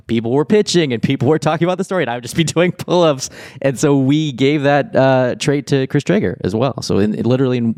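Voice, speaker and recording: A man's voice: mid-range voice, creaky, darkish tone, no echo, clean studio sound. A man co-hosting a podcast, chatting casually in an enthusiastic, rambling way with many restarts. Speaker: podcast co-host and former writer. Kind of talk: casual chat.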